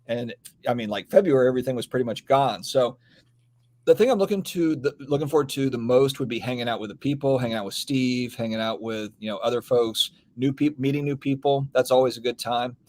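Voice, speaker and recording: A man's voice: mid-range voice, a little fast, a little mellow. Laid-back man hosting a card live stream. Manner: laid-back, rambling, reads out viewer comments. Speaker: podcast host. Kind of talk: casual live-stream chat.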